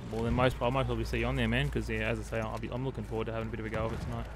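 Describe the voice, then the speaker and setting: A man's voice: medium pitch, flat delivery, racing, noisy background. A man streaming a shooter game, chatting casually with his viewers and calling them mate. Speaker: live streamer. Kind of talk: casual gameplay commentary talking to chat. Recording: loud game gunfire behind voice. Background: battle gunfire and vehicles.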